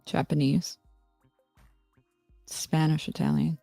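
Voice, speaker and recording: Woman streamer, laid-back and self-mocking; lower voice, dry close sound. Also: slow, vocal fry, pauses often, no echo, soft background music. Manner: rambling, relaxed, self-mocking, answers chat. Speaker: live stream host. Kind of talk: casual live-stream chat.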